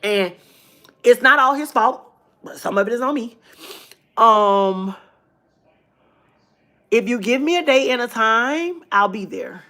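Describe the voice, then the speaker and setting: A woman hosting her own livestream, telling a personal story in a lively, casual way, repeating phrases for emphasis. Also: on the high side, takes it slowly, long pauses. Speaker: livestream host.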